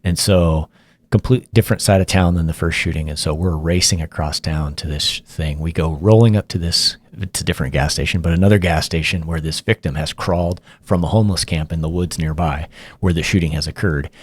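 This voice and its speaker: A middle-aged man, a former police officer, casually telling a story in a relaxed, rambling way. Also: low-pitched, a little fast. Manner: relaxed, rambling retelling with fillers and restarts.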